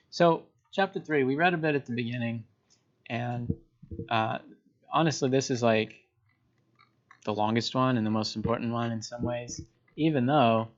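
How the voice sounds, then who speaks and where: A male teacher in a casual recorded lecture, chatty and relaxed as he explains to students. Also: fairly low pitch, gravelly. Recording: dull lo-fi recording.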